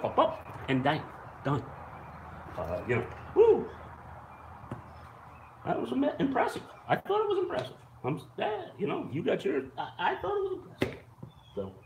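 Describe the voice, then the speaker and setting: A man with a voice on the high side hosts a live online show from an echoey room with slight background noise. He chats casually, reacts to viewer comments, and rambles through animated stories full of swearing and laughter.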